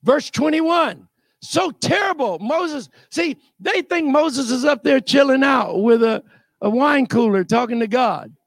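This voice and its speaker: A man preaching a sermon, telling the story in an animated way with bursts of shouting. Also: extremely high pitch, unhurried, vocal fry, no room sound. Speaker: pastor.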